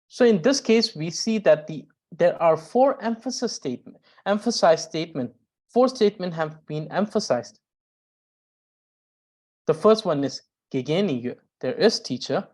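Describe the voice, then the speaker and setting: A woman teaching a grammar lesson, explaining carefully and often pausing with "uh" to restart a phrase. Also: low voice, animated, darkish tone. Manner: explains slowly with frequent "uh" pauses and restarts; reads out example sentences. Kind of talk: recorded language lesson.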